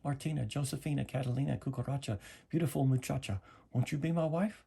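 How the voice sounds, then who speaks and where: A man's voice: mid-range voice, wildly swooping pitch, measured pace, warm tone, husky, pitched above the performer's own voice, heavily acted. Sly creeping lizard as a man puts him on, hissing, wheedling, storybook. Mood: pleading.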